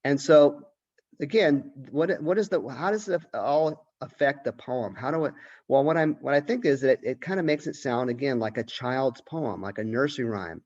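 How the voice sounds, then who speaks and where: A man's voice: mid-range voice, normal speed, darkish tone, dull audio. A man who is a college literature professor, giving a lecture and thinking aloud with restarts and questions. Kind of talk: recorded lecture.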